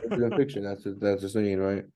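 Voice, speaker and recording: A man's voice: lowish voice, little pitch movement, a little fast, warm tone. A man co-hosting a podcast, chatting casually, rambling and swearing, acting out quotes as he goes. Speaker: podcast co-host. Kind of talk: casual chat.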